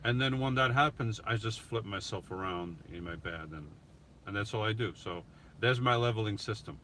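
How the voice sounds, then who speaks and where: A man's voice: on the low side, moderate pace, pushed and bright, slight background noise. A middle-aged man streaming live from his van on a phone, casually chatting and reading out viewer comments as he answers them. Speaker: vlogger hosting a live Q&A. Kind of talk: casual livestream chat.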